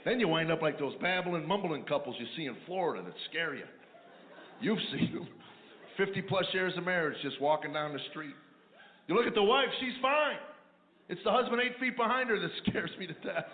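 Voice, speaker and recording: Man, stand-up comedian, deadpan storytelling, slightly high voice, tinny lo-fi sound. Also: fairly quick. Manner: deadpan storytelling with mumbling character asides. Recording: echoey, tinny lo-fi radio replay of a live set.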